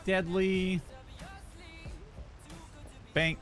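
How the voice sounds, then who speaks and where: A young man streaming a game and talking casually to his viewers. He tells jokey stories, acting out voices as he goes, and his voice is high and swings widely in pitch. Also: moderate pace, faint music behind. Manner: animated storyteller who acts out voices and jokes. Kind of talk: casual live-stream chat.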